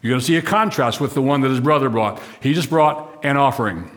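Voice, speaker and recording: A man's voice: medium pitch, brisk. A man preaching a sermon, walking through a scripture passage and putting questions to the congregation. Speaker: pastor. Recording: long reverb of a large hall.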